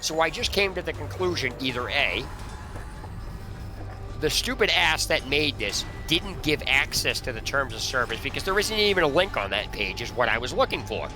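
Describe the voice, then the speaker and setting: A man's voice: mid-range voice, lively intonation, normal speed, music in the background. A man ranting indignantly over gameplay, rambling with restarts and swearing freely. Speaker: gaming streamer. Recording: noisy game audio behind. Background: gunfire and game sounds.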